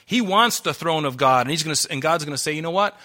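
A man delivers a passionate sermon to his congregation, getting openly worked up. His voice sits a touch high and rings bright and forceful. He laughs between points and throws in casual asides. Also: expressive, quick pace. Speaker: pastor. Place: church hall before a congregation.

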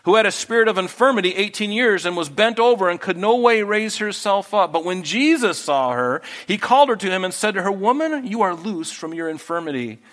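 A man preaching a sermon, who swings from loud, emphatic scripture reading to quiet, intimate asides. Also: high voice, expressive, a little fast, few pauses. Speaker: pastor.

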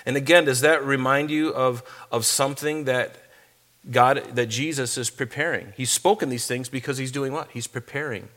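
A middle-aged man giving a conversational sermon as a pastor. He talks casually between verses and slows down, with weight, when he reads scripture aloud. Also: medium pitch, fairly even intonation, fairly bright tone.

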